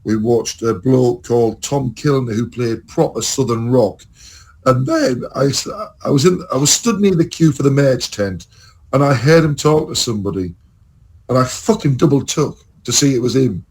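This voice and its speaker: A man hosting a podcast, rambling from one story to the next with plenty of swearing. His voice sits at an ordinary middle pitch and has an easy conversational flow. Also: expressive, normal speed, slightly rough, poor audio. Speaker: podcast host. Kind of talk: casual chat.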